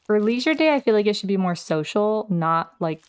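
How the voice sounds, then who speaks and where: A woman's voice: medium pitch, lively intonation, moderate pace, clean tone. Chatty woman narrating her life-sim game. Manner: chatty, talks directly to her game characters. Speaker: let's play host. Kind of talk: casual gameplay commentary.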